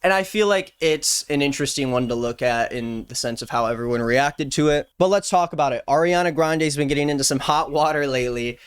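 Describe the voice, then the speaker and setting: Young male YouTuber, playful commentary with jokey asides, smooth clear tone, dry close sound. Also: fairly high pitch, fairly quick, hardly any pauses, no echo. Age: 20s. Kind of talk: casual commentary. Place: Los Angeles.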